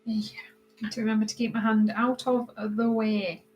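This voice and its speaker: A woman from Britain hosting a casual live stream while she colors, greeting viewers by name and answering their comments, her voice often drifting quieter as she concentrates. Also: fairly high pitch, little pitch movement, moderate pace, a little hiss or hum, low-quality recording. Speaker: livestream host.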